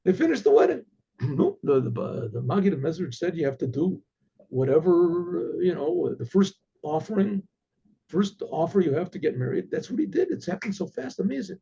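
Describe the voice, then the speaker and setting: A man's voice: on the high side, normal speed, gravelly, warm tone, slightly rough. A male rabbi telling a story in a conversational way, often repeating words as he goes. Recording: dull lo-fi recording.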